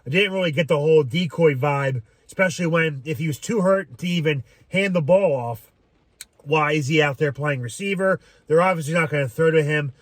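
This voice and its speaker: Rambling and unscripted, a man reacts to a game like an offhand fan, leaning on "um" and swearing often. His voice sits slightly high for a male speaker, and the recording is dry, with almost nothing of the room audible.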